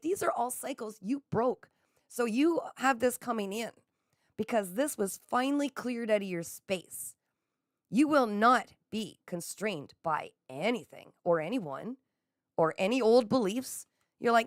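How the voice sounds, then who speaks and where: A woman's voice: a little high, expressive, normal speed, no echo, studio quality. A woman giving a live tarot reading, effusive and encouraging, speaking straight to her viewers. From Canada. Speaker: psychic reader.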